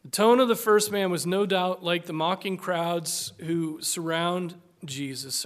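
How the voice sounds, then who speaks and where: Slow, dramatic male preacher. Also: high-pitched. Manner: slow, dramatic, deliberate scripture reading with emphatic swells. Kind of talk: sermon.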